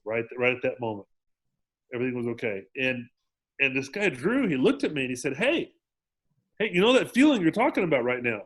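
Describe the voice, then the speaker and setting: A man guest telling his recovery story in a casual interview, animated and acting out quotes, often restarting his sentences. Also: mid-range voice. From lived in Mexico for ten years. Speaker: podcast guest, sober living director.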